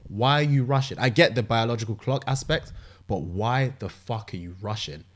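A young man in casual podcast chat, relaxed, swearing casually and agreeing often. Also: medium pitch, moderate pace.

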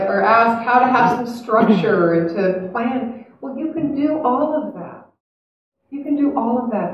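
A woman's voice: a little high, dull audio. A woman giving a spiritual talk to a live audience, earnest and chatty, reflective by turns. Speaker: spiritual speaker. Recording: echoey hall, heard from a distance.

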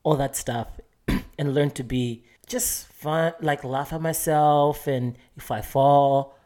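A man's voice: on the high side, fairly even intonation, takes it slowly, a little mellow. Earnest young man on a podcast. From Malawi. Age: 20s. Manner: earnest, reflective, laughs easily. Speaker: podcast co-host. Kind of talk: casual chat.

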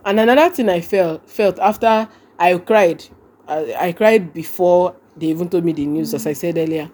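A young Nigerian-accented woman, appearing as a podcast guest, tells a story in casual conversation, animatedly repeating phrases and acting out what people said. Her voice is fairly low and her pace moderate, with a little hiss or hum on the audio.

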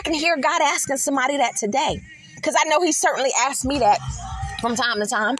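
Middle-aged woman, high voice, animated faith testimony, emphatic, faint music behind. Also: fairly quick, poor audio. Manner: animated storytelling, earnest and emphatic. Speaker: podcast host.

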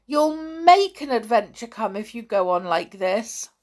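A woman's voice: lively intonation, unhurried. A woman reading aloud, voicing a timid, easily frightened little girl who pleads. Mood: horrified. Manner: pleading, high and shrill.

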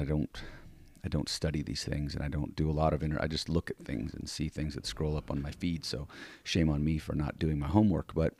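A man's voice: extremely low pitch, gravelly, a little mellow, dry recording. A man co-hosting a podcast in casual chat, talking animatedly with many restarts and "right?" tag questions, who teaches self-defense. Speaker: podcast co-host.

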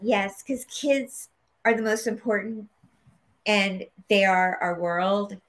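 A woman guest in an interview, an animated storyteller who acts out the dialogue she quotes. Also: mid-range voice, slow pace. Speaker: guest, medical intuitive healer.

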